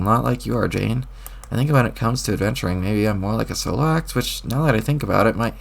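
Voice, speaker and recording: A man's voice: mid-range voice, gravelly. A man doing a clueless folksy young adventurer. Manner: old-timey folksy exclamations, rambling. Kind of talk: reading a webcomic aloud.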